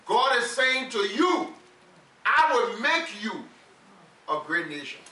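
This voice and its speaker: A man with a high, bright, ringing voice preaches a sermon, emphatic and drawing the congregation into call-and-response. He is heard slightly off-mic in a roomy church hall. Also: big pitch swings, slow, recorded from a distance. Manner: emphatic, leads congregation in repeating phrases.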